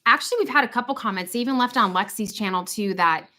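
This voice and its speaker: A middle-aged woman chatting on a home livestream, animated and joking, her voice sitting a little high and sounding bright and forceful. She keeps breaking into silly voices mid-story. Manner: animated and jokey, quick to slip into funny voices. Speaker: livestream host. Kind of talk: casual livestream chat.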